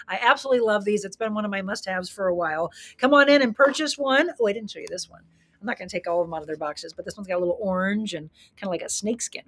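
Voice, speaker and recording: A woman's voice: mid-range voice, slight background noise. A woman hosting a solo live talk show, upbeat and chatty, speaking straight to her viewers and often restarting and correcting herself mid-sentence.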